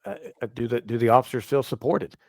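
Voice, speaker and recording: A man from the United States with a voice of ordinary pitch talks as a podcast guest. He trains police officers and explains his ideas earnestly and at a measured pace. The recording is close and dry. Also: steady tone, no room sound. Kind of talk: casual podcast interview.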